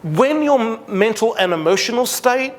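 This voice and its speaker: A middle-aged Australian man giving an animated seminar talk to parents, acting out conversations with his daughter. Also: extremely high pitch, moderate pace. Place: large school hall. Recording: long hall reverb.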